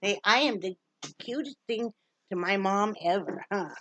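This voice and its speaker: A woman's voice: mid-range voice, normal speed, a bit bright, muffled recording, slight background noise. A middle-aged woman from Wyoming chatting casually to her camera at home. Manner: chatty, baby-talks to her dog. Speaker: vlogger.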